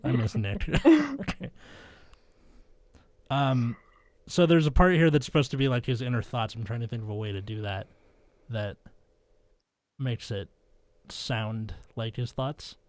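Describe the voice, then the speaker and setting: A young man reads fan fiction aloud for a comedy podcast, dry and deadpan, breaking into flustered laughs. His voice is close and dry on the mic, with no room sound around it. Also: medium pitch, a little slow, pauses often, dry recording. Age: young adult. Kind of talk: comedic dramatic reading.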